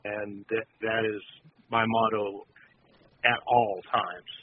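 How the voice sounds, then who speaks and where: A man's voice: lowish voice, flat delivery, slow, slight background noise. A man, a special effects guest, talking about safety on film sets in an easygoing, rambling way. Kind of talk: casual interview talk. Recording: phone-like radio audio.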